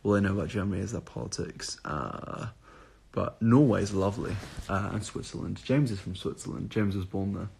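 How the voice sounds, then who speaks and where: A tired young man rambles through viewer questions on a phone live stream. His voice sits low and gravelly, with a husky edge. He drifts off topic and swears now and then. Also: fairly quick, darkish tone. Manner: rambling, reads out and answers viewer comments, swears casually. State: tired and up at odd hours. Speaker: live streamer answering chat. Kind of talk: casual live-stream chat.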